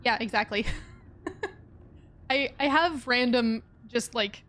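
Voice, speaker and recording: A woman's voice: a little high, slow, a bit bright. A young woman streaming a puzzle game, chatting in a rambling way and laughing often. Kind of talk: casual let's-play chat.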